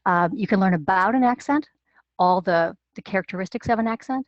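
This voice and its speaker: A woman working as a dialect coach answers interview questions in a measured, explanatory way, with fillers and restarts. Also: medium pitch, no echo, highs cut off.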